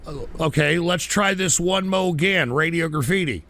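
A man hosting a call-in radio show, cursing and erupting into shouting. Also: a little high, normal speed. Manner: explosive, cursing, blows up into shouting.

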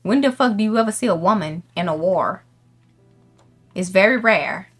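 A woman gamer talks her way through a let's play, loud and profane and quick to shriek when startled. Her voice sits at an ordinary middle pitch, with faint game music behind her. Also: lively intonation, breathy edge. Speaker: gaming streamer.

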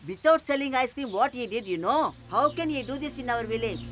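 Confrontational village woman, high-pitched and indignant, English dub. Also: expressive, brisk, fairly bright tone, a little hiss or hum. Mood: angry.

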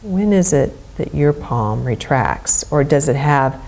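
Slow, low-voiced woman teaching gently. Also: animated. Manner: soft, slow, soothing instruction. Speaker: movement educator. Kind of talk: guided movement lesson.

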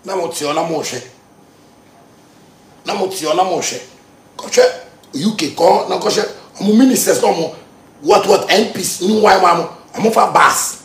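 A man with a Ghanaian accent delivering a heated ranting monologue, lurching between shouting and low muttering. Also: gravelly, roomy sound. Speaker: musician.

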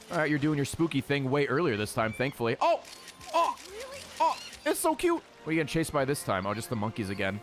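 A man hosting a let's play, giving casual game commentary, excitable and heavy on swearing as he talks to the creatures on screen. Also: mid-range voice.

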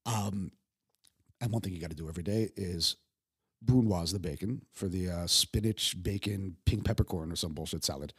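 A young man from New York with a New York accent, a chef talking in a casual podcast conversation, profane and animated, restarting his sentences often. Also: sits low, normal speed, breathy edge. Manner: profane, animated storyteller with many stammered restarts. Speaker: guest chef.

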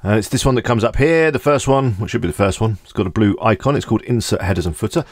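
A man hosting a screen-recorded software tutorial, talking casually and thinking aloud as he clicks through each step. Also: on the low side, fast, no room sound, studio quality. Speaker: tutorial host.

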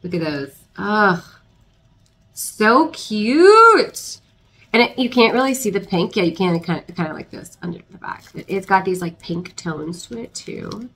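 A young woman chatting excitedly as she unboxes plants, hesitant, with restarts and little laughs. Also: medium pitch, a little slow, slight background noise, rough recording. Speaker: plant channel host. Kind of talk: casual unboxing chat.

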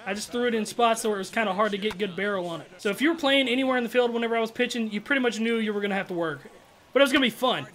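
A man giving casual, slangy commentary over his own gameplay, excitable and trash-talking, with loud outbursts. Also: high-pitched, very fast. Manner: slangy, keeps saying bro and dog. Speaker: gaming YouTuber.

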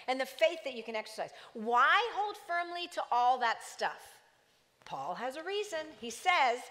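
Lively woman preaching in a reverberant church. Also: fairly high pitch. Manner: lively, joking asides to the congregation. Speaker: pastor. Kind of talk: sermon. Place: church sanctuary.

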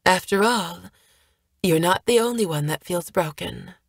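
A woman's voice: fairly low pitch, unhurried, gravelly, husky, dry recording, studio quality, heavily acted. A woman playing a proud, firm-spoken elf woman. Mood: wistful. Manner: firm, formal. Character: elf woman, proud, guarded, secretly wounded.

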